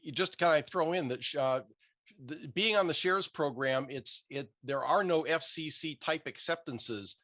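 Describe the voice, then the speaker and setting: A man's voice: a little high, normal speed, pushed and bright. A man on a video call who offers earnest, eager advice. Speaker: call participant. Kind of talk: Zoom meeting comment.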